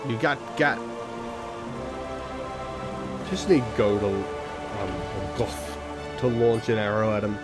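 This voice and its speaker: Man, let's play host, low voice, rambles and swears, game music underneath. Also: a little slow. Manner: swearing, self-deprecating, rambling. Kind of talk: rambling gameplay commentary. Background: video game music.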